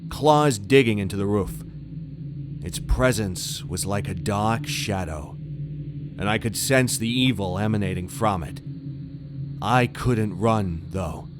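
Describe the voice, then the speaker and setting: A man narrating a first-person horror story in a tense, steady way. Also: lowish voice, noisy background. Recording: faint music underneath.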